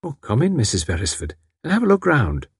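A man's voice: medium pitch, wildly swooping pitch, a little fast, vocal fry, breathy edge, no echo, clean studio sound, pitched above the performer's own voice, heavily acted. A man reading aloud, voicing a friendly, rambling housewife who lives in a lonely country house. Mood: chatty. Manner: rambling, homely talk. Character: friendly, chatty country housewife, a little odd.

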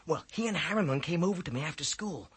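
A man with a husky voice putting on a high, eager schoolboy who stalls and makes excuses in class. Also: animated. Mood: chatty. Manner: high, drawn-out, wheedling boy voice. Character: excitable schoolboy, eager and scattered.

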